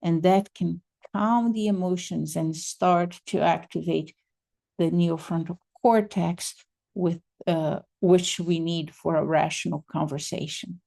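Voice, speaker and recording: A woman mediation trainer giving a training lecture, explaining in a measured, methodical way. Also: fairly low pitch, fairly even intonation, creaky, dark tone.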